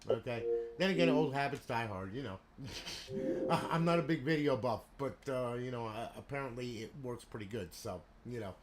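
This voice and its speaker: A man's voice: medium pitch, normal speed, noisy background. A man casually walking through a game console build he sells, chatty and full of "you know" and "okay" fillers. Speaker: console modder and seller. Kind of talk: casual product walkthrough.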